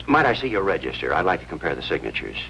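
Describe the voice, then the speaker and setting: An actor playing an earnest, persistent hospital chaplain in an old radio drama. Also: male voice, low voice, wildly swooping pitch, very fast, creaky, pushed and bright, slight background noise, full character voice. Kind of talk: 1950s radio drama acting. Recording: dull lo-fi old radio recording.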